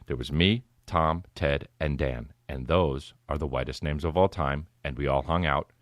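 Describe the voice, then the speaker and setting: A man's voice: rumbling low, normal speed, no room sound, studio quality. A man in his thirties hosting a podcast, telling a rambling, profane, laid-back comedic story. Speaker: podcast host.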